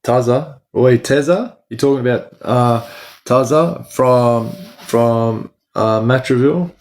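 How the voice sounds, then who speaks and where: A man's voice: medium pitch, takes it slowly, darkish tone. Australian man chatting on a livestream. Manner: slangy, talks to chat by name, says "bro" a lot. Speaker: livestream host. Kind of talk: casual livestream chat with viewers.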